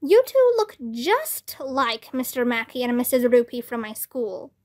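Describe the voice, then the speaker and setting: Brief: woman playing a high, whiny storybook schoolboy, loud and protesting. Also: very animated, unhurried. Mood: puzzled. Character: whiny schoolboy who hates reading.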